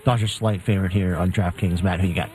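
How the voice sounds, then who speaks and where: A man's voice: low-pitched, steady tone, quick pace, darkish tone, faint music behind, low-quality recording. A man co-hosting a sports radio segment, steadily reading games and betting odds. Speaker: co-host reading betting lines. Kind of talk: casual sports betting chat.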